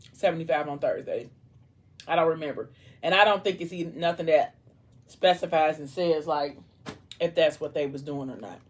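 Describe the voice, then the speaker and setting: A woman vlogger chatting casually, retelling a book's scenes while eating, reading out dialogue and leaning on "like". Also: low voice. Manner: chatty storytelling, reads out dialogue, fillers like "like".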